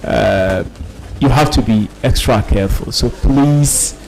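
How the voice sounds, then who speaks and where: A middle-aged man calling out words and giving feedback at a spelling contest, speaking slowly with many ums. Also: mid-range voice, a little mellow, rough recording. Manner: hesitant speech with many ums. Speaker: spelling contest pronouncer and judge. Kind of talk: reading out words, then closing remarks.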